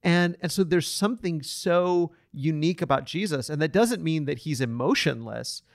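Earnest man, fairly high voice. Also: lively intonation, normal speed, vocal fry, dry recording, studio quality. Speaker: podcast co-host. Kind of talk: casual Bible study discussion.

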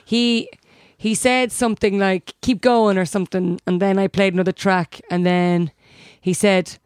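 Irish female co-host, mid-pitched, anecdotal, dry studio sound. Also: fairly even intonation, normal speed, clean tone, dry recording. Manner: chatty anecdotal storytelling, acts out other people's lines. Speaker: podcast co-host and DJ. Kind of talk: casual chat.

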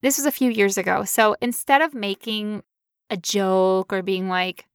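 A woman co-hosting a podcast, telling a story in casual chat with animated, playful quoted voices. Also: mid-range voice, measured pace, smooth, no echo, studio quality. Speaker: podcast co-host.

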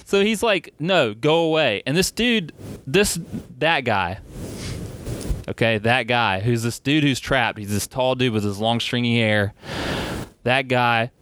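A man in casual chat, telling an animated, swearing story with laughs. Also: medium pitch, a little slow, long pauses, clean tone, no echo. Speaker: podcast storyteller.

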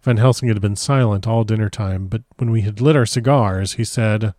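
A man reading a first-person literary story aloud in a measured, solemn manner. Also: fairly low pitch, darkish tone, no echo, studio quality. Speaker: audiobook narrator.

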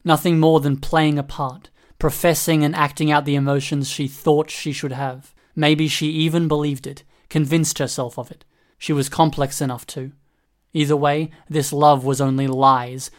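A man voicing a cold, calculating male hacker who speaks in a flat, dismissive way in an audiobook reading. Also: a little high, normal speed, close to an everyday voice.

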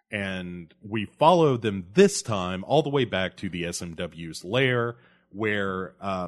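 A man hosting a podcast, recapping a movie plot in a casual, rambling way, full of fillers and awkward laughs at grim moments. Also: lowish voice. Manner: rambling, heavy on fillers like uh and you know. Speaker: podcast host.

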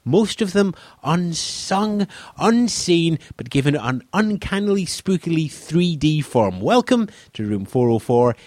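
A man's voice: fairly high pitch, big pitch swings, unhurried, a little mellow, dry recording. A man hosting a podcast, moving between a dramatic, playful scripted intro and casual chat. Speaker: podcast host.

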